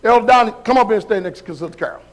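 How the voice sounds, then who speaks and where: A man's voice: high-pitched, racing. A man preaching as a pastor, calling members forward and asking the congregation whether they follow him. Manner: calls people up, checks in with the crowd. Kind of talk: live sermon.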